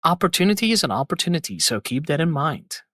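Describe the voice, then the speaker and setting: A man's voice: fairly high pitch, sing-song, fast talker, bright, forceful tone, no room sound, studio quality. A man hosting a live stream, chatting casually and enthusiastically to his viewers and rambling about voice acting and games. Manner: rambling, enthusiastic, talks to chat. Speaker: streamer host.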